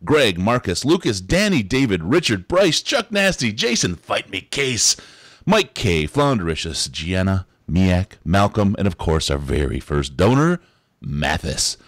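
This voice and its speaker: A man hosting a live sports podcast, running through announcements in an upbeat, animated way. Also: low-pitched, measured pace, no echo. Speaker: podcast host.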